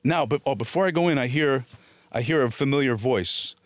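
A man, a guest on a podcast, tells his stories with energy and acts out the other people's lines. His voice sits at a middle pitch, recorded close and dry on a podcast mic. He swears casually as he talks. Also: brisk, no room sound. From born in Italy, raised in New Jersey. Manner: animated storyteller, acts out quoted voices, swears freely. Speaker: guest actor. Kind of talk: storytelling in a podcast interview.

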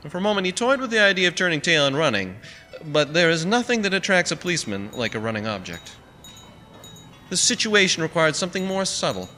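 A man's voice: fairly high pitch, very animated, fast talker, pushed and bright, slight background noise. Man reading a wry story aloud. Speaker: narrator. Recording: long reverb with faint music.

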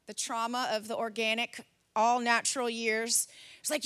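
A woman in her forties delivers a sermon through a lively personal story. Her voice sits high and sounds bright. She jumps into the voices of the people in the story as she tells it. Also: normal speed, clear, resonant tone. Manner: animated storyteller, acts out her son's voice. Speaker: pastor.

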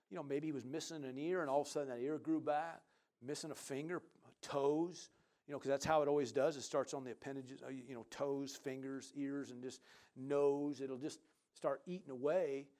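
A man preaching a sermon as pastor, reading scripture aloud and moving from conversational asides to loud emphatic bursts while calling for amens. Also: medium pitch.

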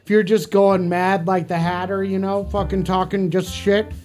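A man's voice: high voice, flat delivery, moderate pace, a little mellow, soft background music. A man livestreaming, bantering crudely and teasingly with his chat in a casual way.

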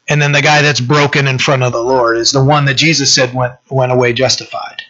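Bright-voiced casual pastor man. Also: medium pitch, steady tone, brisk, hardly any pauses, lo-fi sound. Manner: casual, peppers talk with "you know" and "right?". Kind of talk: conversational sermon.

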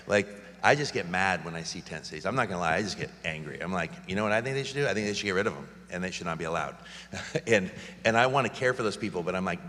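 A man's voice: sits low, fairly bright tone. A middle-aged man, a pastor, answering questions in an earnest, rambling way with many restarts. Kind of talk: church Q&A talk. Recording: long hall reverb.

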